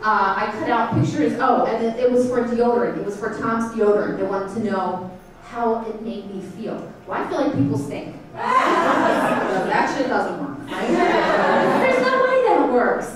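A woman in her thirties doing a stand-up set in a comedy theater, talking in an animated way and jumping into high, shouty bits. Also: unhurried, slight background noise. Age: 30s. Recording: roomy, distant stage sound with crowd. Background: audience laughter.

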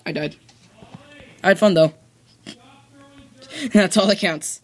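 A gamer chatting casually during a co-op game, bossy and teasing, breaking into excited whoops. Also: medium pitch, takes it slowly. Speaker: let's play gamer. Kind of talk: casual co-op gaming chat.

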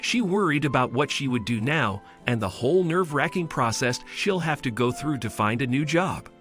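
A man giving scripted story narration in an even, steady way. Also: medium pitch, moderate pace. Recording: faint music bed.

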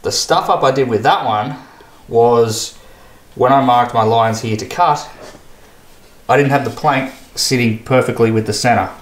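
A man's voice: mid-range voice, measured pace. An Australian man talking casually as he builds, thinking aloud and picking at his own mistakes in a workshop. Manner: thinking aloud, self-critical, easygoing. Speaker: boat builder vlogger. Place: boat shed workshop. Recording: echoey workshop, faint background noise.

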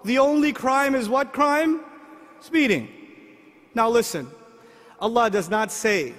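A middle-aged man preaching a sermon, asking the audience lively rhetorical questions. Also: very high voice, slow pace. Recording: long hall reverb.

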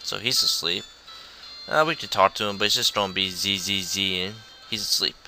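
A man's voice: low voice, normal speed, bright, forceful tone, faint music behind, low-quality recording. A man giving casual, jokey commentary on a video game, reading the dialogue aloud in goofy voices. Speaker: let's play host.

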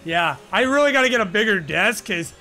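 A man hosting a live gaming stream, chatting casually in a rambling, profane way full of "like" fillers, into a boom-arm microphone at his home desk. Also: lively intonation, fairly quick, creaky, sharp tone, faint music behind. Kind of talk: casual chat while gaming.

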